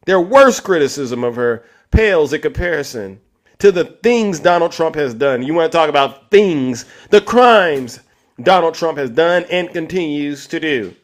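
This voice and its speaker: This male livestream host speaks at a measured pace in a fairly high, expressive voice. He gets combative with callers and directly addresses his chat and audience.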